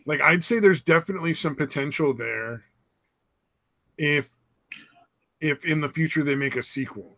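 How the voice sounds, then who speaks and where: A man's voice: fairly high pitch, moderate pace, pauses often, bright, forceful tone, no room sound. A man co-hosting a podcast in casual chat, rambling with stammered restarts and frequent swearing. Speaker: podcast co-host.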